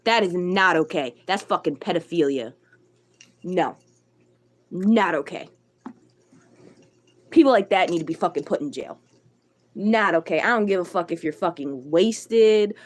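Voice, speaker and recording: A woman's voice: lowish voice, expressive, measured pace, pauses often. A woman livestreamer ranting to her chat, blunt and irritated, swearing a lot and answering viewers by name. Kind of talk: live stream chat rant.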